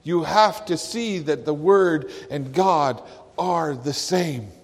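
A pastor preaching a sermon, slow and emphatic, leaning hard on key words. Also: male voice, on the high side. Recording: long hall reverb.

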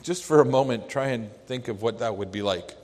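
Delivering a sermon slowly, earnestly, and reflectively, a man speaks in a medium-pitched, darkish voice, with a long hall reverb on the recording.

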